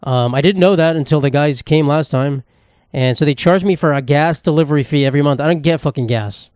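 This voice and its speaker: A man's voice: a little high, a little fast, darkish tone, clean tone, dry recording, clean studio sound. Sarcastic New guy ranting. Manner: profane, sarcastic, rambling. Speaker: podcast host. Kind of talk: solo comedic podcast rant.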